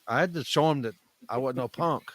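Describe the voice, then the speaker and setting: A man's voice: medium pitch, brisk, no room sound. A man co-hosting a podcast in casual chat, with folksy, drawling talk. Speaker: podcast co-host.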